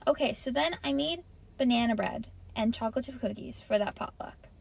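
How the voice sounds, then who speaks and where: A woman's voice: a little high, brisk, vocal fry, slightly rough. A young woman hosting her podcast from her parked car, talking in a rambling, easily distracted way and swearing freely. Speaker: podcast host. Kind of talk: casual rambling chat.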